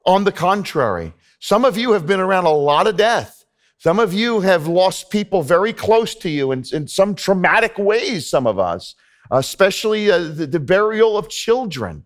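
A man's voice: high voice, very animated, normal speed. A man preaching a sermon in a church, talking earnestly and conversationally to the congregation, often repeating himself. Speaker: pastor. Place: church sanctuary.

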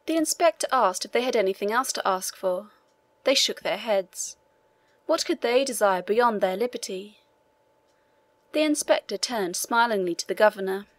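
A woman's voice: mid-range voice, lively intonation, normal speed, dry recording. Woman narrating a classic novel. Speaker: audiobook narrator. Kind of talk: scripted narration.

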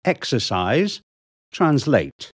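A man reads short instructions and practice sentences in a plain, measured way. His pitch moves freely. The recording is dry and close. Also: sing-song, husky, dry recording. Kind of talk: recorded language drill.

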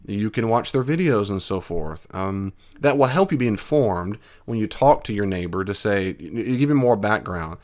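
A man's voice: fairly low pitch, lively intonation, normal speed, few pauses, darkish tone. A man hosting his own podcast, answering listener questions in a folksy, earnest, conversational way. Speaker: podcast host.

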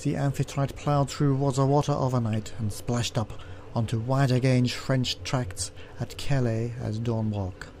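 A man reads a text adventure aloud for a let's play, expressive and steady, with casual asides. His voice is mellow and dark, in a middle range. Faint noise sits behind him. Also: medium pitch, unhurried, few pauses. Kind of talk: reading a text game aloud.

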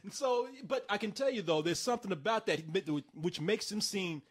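A man's voice: high-pitched, expressive, moderate pace, background noise. A man reviewing a film in casual comedic chat, laughing often and trying out goofy voices.

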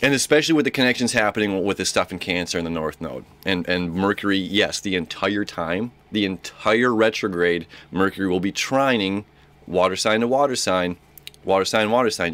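A man's voice: lowish voice, animated, moderate pace, a bit bright. A young man giving a casual, rambling horoscope talk as an astrologer, repeating himself and acting out little dialogues.

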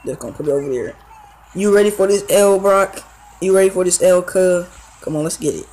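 Over poor audio, a young YouTube gamer gives fairly quick, slangy commentary on the wrestling video game match he's playing. His voice sits high, and his excitable play-by-play leans on lots of fillers.

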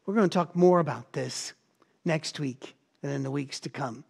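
A man's voice: on the high side, moderate pace, vocal fry, a little mellow, slightly rough. A middle-aged man preaching a sermon as pastor, telling stories with energy and acting out the voices of the people he quotes.

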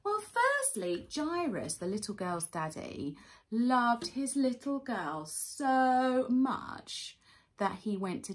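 A woman in her thirties leading a children's worship session, telling a Bible story in an animated way, with gasps and acted-out voices. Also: mid-range voice.

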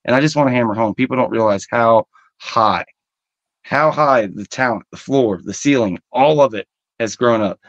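A man's voice: medium pitch, no room sound, muffled recording. A man with a Southern accent co-hosting a casual sports podcast, rambling with lots of fillers and some swearing. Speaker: podcast co-host.

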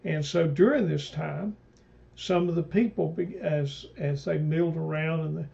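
A pastor leading a mid-week Bible study, retelling scripture in a halting way with many fillers and restarts. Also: male voice, a little high, creaky, mellow. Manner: retells scripture, quoting speakers in old-fashioned phrasing. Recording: dull lo-fi recording.

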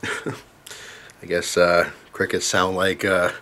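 A man's voice: low voice, steady tone, slow, long pauses, a bit bright. A young man vlogging at home, chatting wryly as he tastes bugs and talks to his dog. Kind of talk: casual vlog, tasting food on camera. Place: indoors at home, camera on tripod.

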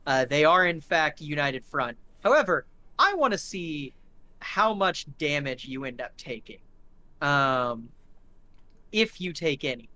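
A man's voice: a little high, sing-song, a little slow, bright, forceful tone. A man running a tabletop game as game master. He paints gory scenes in vivid detail, full of fillers and restarts.

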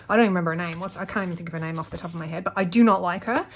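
A woman's voice: fairly low pitch, racing, husky. Rambling chatty woman vlogger. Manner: rambling, sidetracks often, gets worked up ranting. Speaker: planner vlogger. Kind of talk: chatty talk while crafting. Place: at a desk at home. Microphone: desk-mounted camera.

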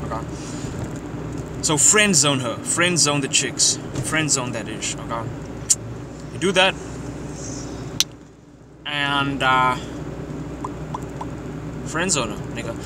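Taking it slowly and pausing often, a young man with a medium-pitched voice drives and chats, offering loose, swear-filled social advice with plenty of laughter. The car interior recording is noisy, with traffic sounds outside.

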